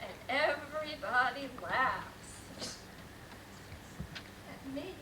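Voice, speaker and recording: A woman playing a fragile, troubled wife who rambles through a stage monologue with sudden shouted outbursts. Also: high-pitched, expressive, extremely slow, noisy background, full character voice. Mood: dreamy. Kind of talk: live stage play acting. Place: theater stage. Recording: echoey stage sound, mic far off.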